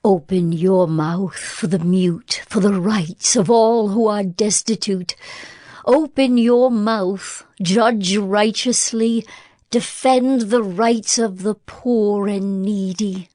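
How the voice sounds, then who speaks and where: Female scripture reader, unhurried, measured, dry close recording. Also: mid-range voice, dark tone, no echo. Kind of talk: scripted Bible reading.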